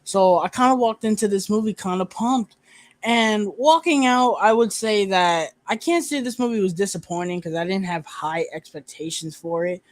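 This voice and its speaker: A young man hosts a loose movie review chat, his voice sitting high. He talks casually, with plenty of fillers and some swearing. The sound is dry and close. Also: normal speed, no echo.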